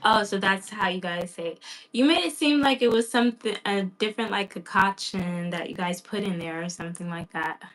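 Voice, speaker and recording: A woman host learning isiZulu on a casual live stream, playful and laughing as she sounds out words haltingly. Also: mid-range voice, a bit bright, low-quality recording. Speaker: beginner learner and channel host.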